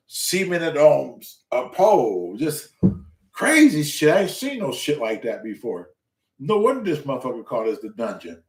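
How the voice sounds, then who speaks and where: A man hosting a show, telling a story in casual, profane speech and acting out the quotes. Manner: animated, profane, acts out quotes with loud pitch jumps. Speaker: show host. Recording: echoey room.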